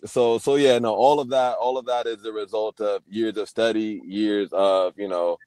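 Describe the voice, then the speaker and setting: In a casual interview over video call, a young male Paralympic swimmer speaks with a fairly low, steady, slightly mellow voice at a moderate pace. His talk is frank and reflective, marked by frequent sentence restarts, and there's no room sound.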